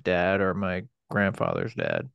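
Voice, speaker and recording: A man in his thirties, a podcast guest telling a personal story in a halting, profane way, with many fillers and restarts. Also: low-pitched, huge pitch swings, creaky, clear, resonant tone, dry recording, lo-fi sound.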